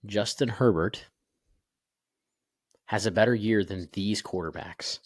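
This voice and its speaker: A man's voice: fairly low pitch, measured pace, no echo, studio quality. A young man co-hosting a casual sports podcast over a video call, rambling with fillers and restarts. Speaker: podcast co-host.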